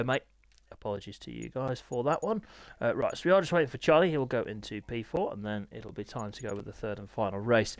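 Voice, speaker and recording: Chatty man, lively dry voice. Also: mid-range voice, dry recording. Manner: chatty, self-deprecating, clears throat often. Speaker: host of a sim racing league stream. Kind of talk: casual livestream chat.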